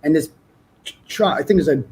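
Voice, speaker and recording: A middle-aged man as an interview guest, telling his story in a profane, animated way. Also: a little high, moderate pace, breathy edge. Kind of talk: casual interview.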